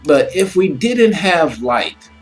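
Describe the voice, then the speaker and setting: A man's voice: on the high side, sing-song, takes it slowly, faint music behind, rough recording. Preachy man with motivational repeats. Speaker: relationship advice co-host. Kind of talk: casual advice chat.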